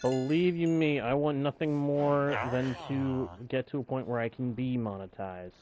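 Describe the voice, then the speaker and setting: A man's voice: mid-range voice, moderate pace, darkish tone, slight background noise, poor audio. A man hosting a live game stream, chatting casually and jokingly with viewers and the game. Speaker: streamer and channel host.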